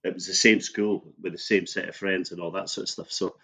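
Scottish man telling stories, low voice. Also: little pitch movement, a little fast, gravelly, pushed and bright, breathy edge. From Scotland. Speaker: guest. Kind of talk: casual interview chat.

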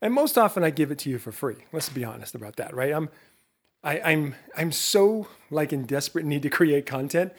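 Man, middle-aged, slightly high voice, motivational podcast host, animated, chatty, restarts his sentences. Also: fairly quick. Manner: animated, talks straight to the listener with rhetorical questions; self-interrupting, laughs at himself. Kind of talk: motivational talk to camera.

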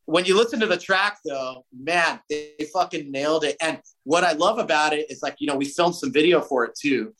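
A man, a musician guest, telling a story in a casual interview, animated and swearing freely. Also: fairly high pitch, a little fast, hardly any pauses, rough recording. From United States.

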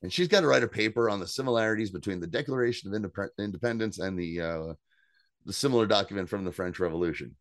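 A man co-hosting a podcast, casually recapping an episode with animated, swearing commentary and acted-out quotes. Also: fast talker, no room sound, studio quality. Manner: animated, acts out quotes with jumps in pitch, swears freely. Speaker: podcast co-host.

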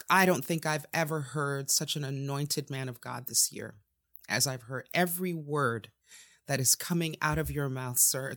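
A woman hosting a podcast, crying as she speaks in an effusive, tearful way. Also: low voice. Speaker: podcast host. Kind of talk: emotional podcast chat.

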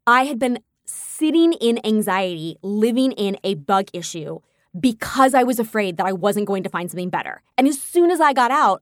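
A young adult woman hosting her own show, telling personal stories in a candid, animated way and acting out her own past thoughts. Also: medium pitch, fairly quick, no room sound, clean studio sound. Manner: candid, animated storytelling with quoted inner thoughts. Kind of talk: casual personal monologue.

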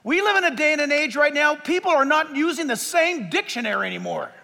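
High-voiced, bright preaching pastor. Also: male voice, quick pace, gravelly, big-room sound. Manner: lively, joking preacher who lists numbered points. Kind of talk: sermon. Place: church sanctuary with a live audience.

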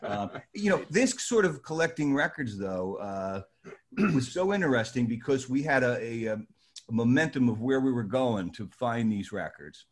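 An older man telling animated stories to a small live audience, acting out the people he quotes. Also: moderate pace. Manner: animated, acts out quoted voices with rising pitch. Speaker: storyteller addressing a live audience. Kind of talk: casual anecdotal storytelling.

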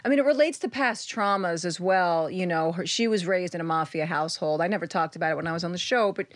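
A woman's voice: lowish voice, quick pace, no echo, studio quality. A woman of fifty from Queens with a New York accent, hosting a chat show and swearing freely. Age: 50s. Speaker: podcast host. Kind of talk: casual chat.

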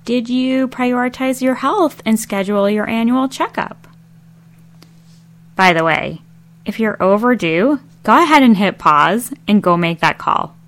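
A woman's voice: on the high side, expressive, unhurried, a bit bright. Friendly woman host's scripted outro. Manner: friendly, direct, motivating. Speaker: podcast host. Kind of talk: scripted outro address to listeners.

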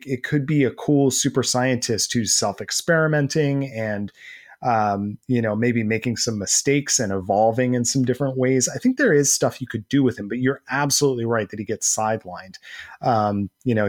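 A man's voice: mid-range voice, normal speed. A man co-hosting a comic book podcast, talking casually and rambling as he hunts for the right words. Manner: rambling, many fillers and restarts. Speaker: podcast co-host. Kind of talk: casual chat.

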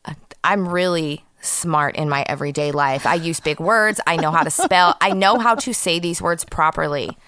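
A woman, co-hosting a podcast in a relaxed, drawling way of her own. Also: low voice, normal speed, clean tone, no room sound, studio quality. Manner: laid-back, drawling, self-described own dialect. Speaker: podcast co-host. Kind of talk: casual chat.

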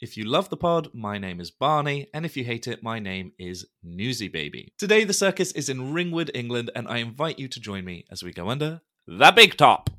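Animated, laughing male podcast host. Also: medium pitch, fairly quick, few pauses. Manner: animated, laughs often, rambling. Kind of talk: casual podcast chat. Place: Ringwood, England.

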